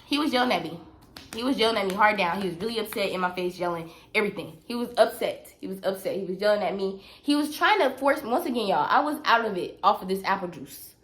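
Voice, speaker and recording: A woman's voice: mid-range voice, lively intonation, quick pace, a bit bright. A young woman telling a personal story on her vlog, emphatic and repetitive, talking straight to her viewers. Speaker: vlogger.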